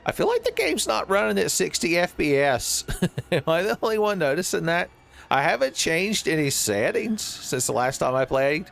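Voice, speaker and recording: A man's voice: on the high side, big pitch swings, moderate pace, gravelly, fairly bright tone. A man giving joking, rambling commentary while he plays a horror game, often laughing at his own jokes. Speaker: streamer playing a horror game.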